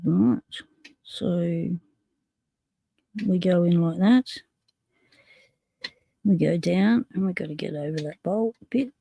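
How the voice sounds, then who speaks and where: A woman's voice: on the low side, slow pace, creaky, long pauses, warm tone, husky, no echo. A woman hosting a casual live stream, chatting and narrating as she works with her hands and reads comments aloud. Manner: chatty, narrating while tinkering, reading chat aloud. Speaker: livestream host.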